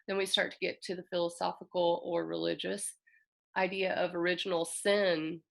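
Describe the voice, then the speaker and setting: A woman's voice: on the low side, little pitch movement, moderate pace, gravelly. A woman astrologer hosting a casual, earnest talk, reflective and openly emotional as she speaks. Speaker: astrologer host.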